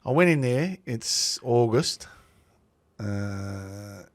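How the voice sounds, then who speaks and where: A man's voice: mid-range voice, animated, very slow, no room sound. A middle-aged Australian man, a football coach, chatting as a podcast guest and telling stories with laughs. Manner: blokey storytelling, laughs often. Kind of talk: casual chat.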